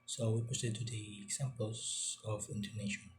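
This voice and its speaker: A male teacher giving a classroom lecture, halting and repeating words as he quizzes his students. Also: on the low side, little pitch movement, a little hiss or hum.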